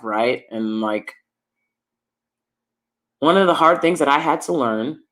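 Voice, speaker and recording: A woman's voice: extremely low pitch, fairly bright tone. A woman vlogger giving opinionated commentary to her viewers from downstairs at home, emphatic and repeating lines for effect.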